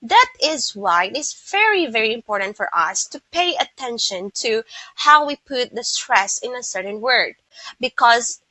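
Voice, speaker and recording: A woman teaching English pronunciation, slowly modelling word stress and repeating example words. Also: on the high side, bright, forceful tone, dry recording, low-quality recording. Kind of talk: online lesson.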